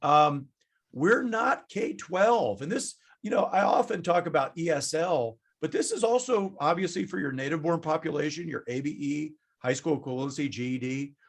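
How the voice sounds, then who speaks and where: A man's voice: fairly high pitch, brisk, hardly any pauses. A man presenting a conference session over a video call, joking and chatting with the audience as he goes. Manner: jokey, animated, chatty with the audience. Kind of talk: lively webinar presentation.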